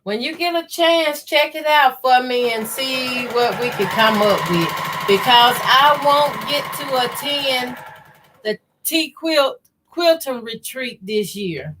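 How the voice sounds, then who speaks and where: Slow-talking Southern woman sewing live. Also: high voice, animated, a bit bright, a little hiss or hum. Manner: chatty, folksy, greets viewers by name. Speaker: sewing channel host. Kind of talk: casual live-stream chat while sewing.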